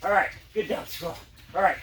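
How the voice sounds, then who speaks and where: Brief: male performer, very high voice, playful, talks to his dogs, echoey and far. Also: brisk. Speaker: juggler and dog trick performer. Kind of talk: storytelling to an audience during a show. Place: performance space. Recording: echoey room from far off, noisy.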